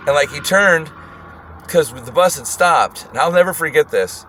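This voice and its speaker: A man's voice: a little high, moderate pace, a little hiss or hum. Laughing, slangy man telling a wild story. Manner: animated, laughing, profane, slangy. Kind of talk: casual storytelling.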